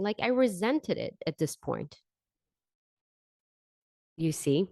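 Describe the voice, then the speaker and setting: A woman podcast host and vocal coach telling a personal story, with her voice climbing in pitch at the emotional moments. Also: very animated, unhurried, pauses often, darkish tone, dry recording, studio quality. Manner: emotional, pitch rising when stressed.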